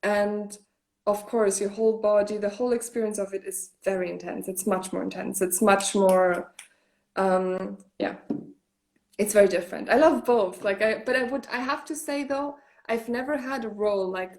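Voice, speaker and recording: A woman's voice: medium pitch, normal speed, darkish tone. A woman from Germany, a German native speaker, chatting as an actress guest in an interview and talking freely with many "like" fillers and restarts. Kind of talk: casual interview chat.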